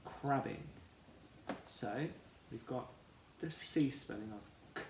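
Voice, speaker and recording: Slow man sounding out phonics. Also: medium pitch. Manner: slow, sounding out letters and syllables, encouraging. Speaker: primary school teacher. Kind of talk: phonics lesson for children. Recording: echoey room, faint background noise.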